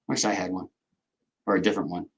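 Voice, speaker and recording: A man's voice: low voice, little pitch movement, fast talker, slightly rough, rough recording. A middle-aged man, hosting a casual livestream, rambling and joking as he answers viewers' comments. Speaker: livestream host.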